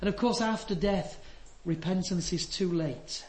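An older man preaching a sermon, earnest and emphatic, dropping to soft asides. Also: high voice, measured pace, slight background noise. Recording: echoey hall.

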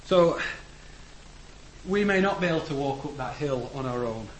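A man preaching a sermon in a church, earnest, rising to emphatic declarations and letting phrase ends fall low. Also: expressive, quick pace. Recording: echoey room with faint background noise.

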